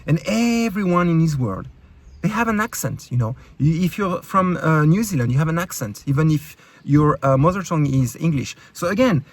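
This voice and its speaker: A man with a French accent, a YouTube creator, ranting in a heated, sarcastic and profane way, with many halting fillers and restarts. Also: on the high side, lively intonation, gravelly. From France. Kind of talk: ranting vlog commentary.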